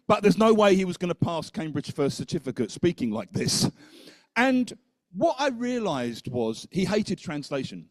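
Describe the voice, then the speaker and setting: A man speaking at a teachers' conference, a lively storyteller who keeps checking in with the audience. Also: fairly high pitch, no room sound. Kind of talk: conference talk.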